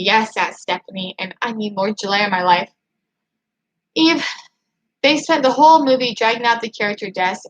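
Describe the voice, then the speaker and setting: A young woman hosting a casual livestream, chatting in an excited, emphatic way as she reads viewer comments. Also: medium pitch, rough recording. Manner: excited, emphatic, gushing fan talk. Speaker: livestream host.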